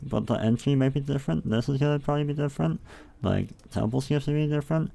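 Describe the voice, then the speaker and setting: A man's voice: medium pitch, quick pace, creaky, mellow, no room sound. A young man thinking aloud while building a game level, rambling and swearing to himself in casual, profane self-talk.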